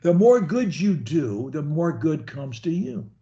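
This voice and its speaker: A man's voice: fairly high pitch, sing-song, a little slow, dark tone, muffled recording. A man coaching a student one-on-one over a video call, talking in a folksy, rambling, encouraging way. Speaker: speech coach.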